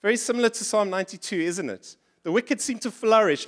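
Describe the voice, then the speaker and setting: Male pastor, high voice, lively preaching style, puts on complaining voices. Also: fairly quick, hardly any pauses. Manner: animated, acts out complaining voices in higher pitch. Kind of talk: sermon. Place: church.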